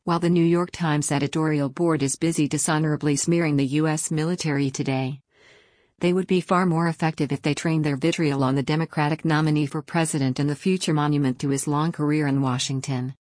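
Low-voiced woman reading a sardonic column. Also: fairly even intonation, brisk, a little mellow, no room sound, clean studio sound. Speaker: reader of an opinion column. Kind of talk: read-aloud opinion column.

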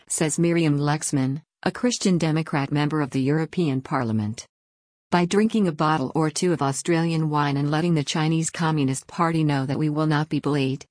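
Woman reading out a news story, low voice, dry sound, steady measured delivery. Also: no echo. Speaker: news reader. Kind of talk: read-aloud news article.

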